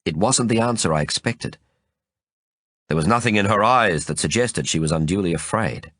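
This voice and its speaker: A man's voice: sits low, lively intonation, normal speed, fairly bright tone, no echo, studio quality. A man narrating a first-person novel as an audiobook, telling it expressively.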